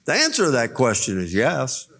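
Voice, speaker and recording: A man preaching a sermon, explaining scripture slowly and deliberately and reading verses aloud. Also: medium pitch, wildly swooping pitch, gravelly, fairly bright tone, breathy edge.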